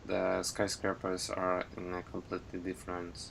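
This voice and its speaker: A man co-judging on a livestream, speaking in a halting way and searching for words. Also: low-pitched, completely flat delivery, vocal fry, fairly bright tone, slight background noise. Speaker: co-judge on stream. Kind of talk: casual chat on a livestream.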